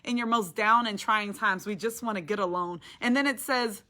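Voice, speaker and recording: Woman preacher going thru a psalm, bright tone, gets fired up and emphatic. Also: mid-range voice, moderate pace, few pauses. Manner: impassioned, rising to emphatic declarations. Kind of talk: devotional Bible teaching.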